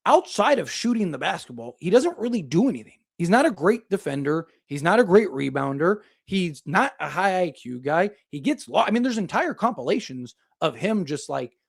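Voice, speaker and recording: High-pitched and sing-song, this young man's voice is creaky and slightly rough, moving at a moderate pace. He hosts a relaxed basketball livestream, reading viewer super chats in a rambling, filler-heavy way as he thinks aloud.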